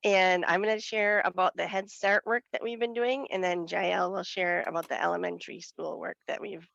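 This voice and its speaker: A woman's voice: lowish voice, fairly even intonation, moderate pace, creaky, fairly bright tone, no echo. A woman with a Western Wisconsin accent and a nasal, cold-congested voice, giving a chatty report to a meeting over a video call. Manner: chatty, laughs lightly between points. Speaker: nutrition educator. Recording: dull lo-fi video call audio.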